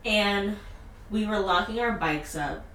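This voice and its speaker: A woman hosting a casual chat, telling a story in an animated way, full of fillers and laughter. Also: medium pitch, takes it slowly, slight background noise. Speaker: podcast host. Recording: echoey room, mic at a distance.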